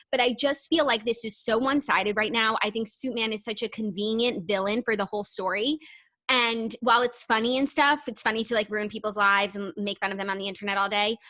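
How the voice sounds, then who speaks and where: A young woman co-hosts a casual podcast, her voice sitting a little high. She chats loosely, sprinkling in "like" as she goes. She gets worked up and emotional over gossip stories. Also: no room sound. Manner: chatty, heavy on "like", gets animated and emotional. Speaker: podcast co-host. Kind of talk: casual chat.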